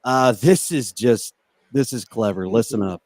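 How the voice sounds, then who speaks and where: A man's voice: mid-range voice, unhurried, darkish tone. A man hosting a wrestling podcast, chatting casually and reading news, laughing often and stumbling over restarts. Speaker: podcast host.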